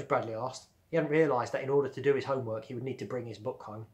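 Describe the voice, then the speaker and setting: A male primary school teacher reads a children's book aloud at a medium pitch. His telling is steady and gentle. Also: quick pace.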